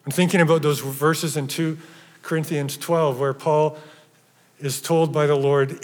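A man's voice: a little high, level tone, unhurried. Man preaching in a reverberant hall. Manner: emphatic, swings from loud stresses to hushed near-whispers. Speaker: pastor. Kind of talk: sermon.

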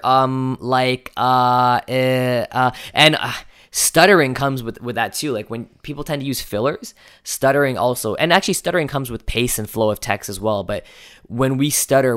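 A man hosting a coaching podcast, talking casually and conversationally, with lively emphasis on key words. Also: medium pitch. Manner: conversational, many fillers and restarts, animated emphasis. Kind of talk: casual solo podcast talk.

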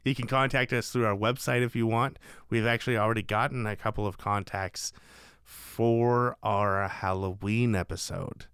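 A man's voice: medium pitch, clear, resonant tone, no echo, clean studio sound. A young man co-hosting a podcast, chatting casually and joking with lots of fillers. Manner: joking, lively, filler-heavy. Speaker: podcast co-host. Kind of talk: casual chat.

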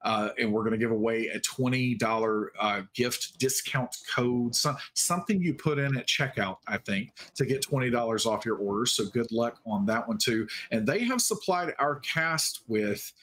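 A man's voice: mid-range voice, animated, moderate pace, few pauses, a bit bright. Guy hosting a stream q&a, upbeat and chatty, lots of ums. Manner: chatty, upbeat, many fillers. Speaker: host. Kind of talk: livestream cast Q&A hosting.

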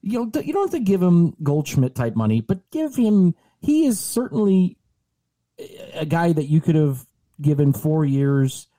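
A man co-hosting a podcast, talking sports in a casual, animated and exasperated way, with some swearing. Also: fairly high pitch, no room sound. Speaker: podcast co-host.

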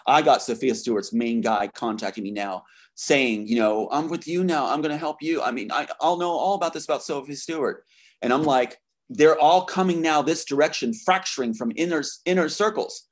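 Husky, angry man. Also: mid-range voice, moderate pace. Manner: angry and emphatic, accusatory. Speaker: interview guest. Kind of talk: impassioned interview talk.

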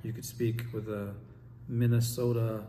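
A man's voice: on the low side, little pitch movement, measured pace, mellow, a little hiss or hum. A man teaching an Islamic study class, reading quotes aloud and putting questions to his students. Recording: long hall reverb, faint ambience.

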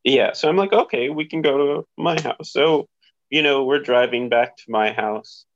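A man's voice: medium pitch, normal speed, dull audio, a little hiss or hum. A man who is a podcast guest, telling a story in a laid-back, rambling way with fillers. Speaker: podcast guest, best friend. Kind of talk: casual storytelling.

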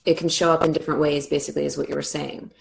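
A woman hosting a podcast, asking loose questions with many ums and giving soft backchannels. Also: low voice, level tone, racing, gravelly. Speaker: podcast host. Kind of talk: casual podcast interview.

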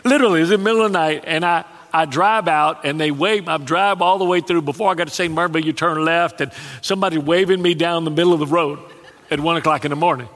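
A man preaching a sermon, telling stories with dramatic pauses and chuckling asides. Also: a little high, a bit bright. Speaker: pastor. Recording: long hall reverb.

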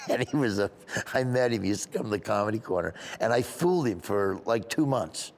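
A male stand-up comedian, guest on an interview, telling stories in an animated way and laughing often. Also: fairly low pitch, a little hiss or hum. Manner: laughs often, excited, quick bursts. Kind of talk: animated storytelling.

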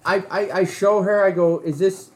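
Guy rambling thru a story on a podcast, kinda high voice. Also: steady tone, moderate pace. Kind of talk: casual chat.

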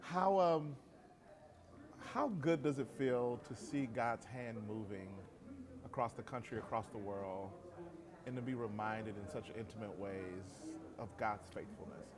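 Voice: medium pitch, measured pace, crowd noise. A podcast host who chats casually with a guest and keeps cheering her on with short, emphatic affirmations. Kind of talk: casual interview chat.

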